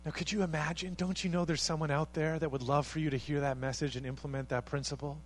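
Brief: male pastor delivering a sermon, earnest, somewhat higher-pitched voice, swells to emphatic peaks. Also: fairly even intonation, fast talker, slight background noise, low-quality recording. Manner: earnest, building to emphatic peaks, acts out quoted speech.

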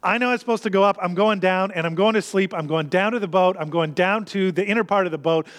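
A man acting out a weary man in denial who only wants to go down and sleep, with a stubborn, flat way of refusing. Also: high-pitched, fast talker.

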